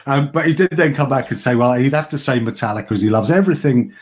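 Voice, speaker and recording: A man's voice: medium pitch, fast, a little mellow. Chatty man hosting a podcast. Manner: chatty, joking, swears casually. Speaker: podcast host. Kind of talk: casual podcast chat.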